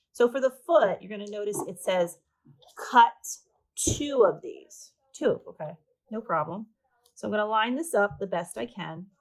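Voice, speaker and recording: A woman's mid-range voice comes through poor audio. She is an art teacher explaining a paper craft step by step, chatting while she works and making light jokes at her own expense.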